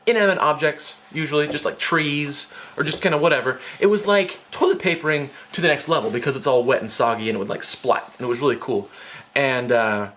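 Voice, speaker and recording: A man's voice: fairly high pitch, fairly quick, a bit bright, a little hiss or hum. A man, a former teacher, telling a story to camera in a chatty, self-deprecating, rambling way.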